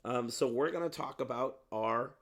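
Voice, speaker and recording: A man's voice: mid-range voice, normal speed. A man co-hosting a casual movie review chat, rambling with lots of ums and some playful swearing. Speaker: podcast co-host.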